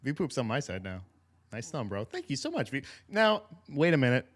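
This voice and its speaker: A man's voice: medium pitch, very animated, brisk. A man co-hosting a casual podcast, teasing and joking as he talks. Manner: joking, teasing, laughs often. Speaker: podcast co-host. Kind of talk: casual chat.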